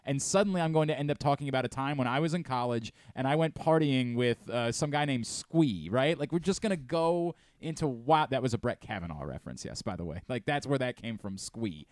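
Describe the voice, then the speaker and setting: A man's voice: mid-range voice, a little fast, few pauses, no room sound. A man hosting a radio show in casual studio chat, talking in a rambling way and interrupting himself. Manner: animated, rambling, self-interrupting. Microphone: studio mic.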